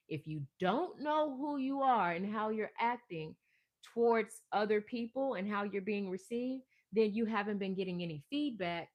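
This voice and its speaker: A woman hosting a casual spiritual live stream, talking with passion and rambling, swinging from soft asides to loud, emphatic bursts. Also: medium pitch, expressive, moderate pace, muffled recording. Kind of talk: casual spiritual pep talk.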